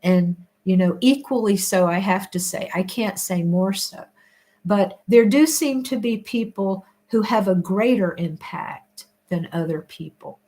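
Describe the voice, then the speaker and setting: A woman's voice: mid-range voice, unhurried, dark tone. Rambling, reflective woman chatting. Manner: rambling, restarts often, laughs between thoughts. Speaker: livestream host reading viewer comments. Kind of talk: casual reflective chat.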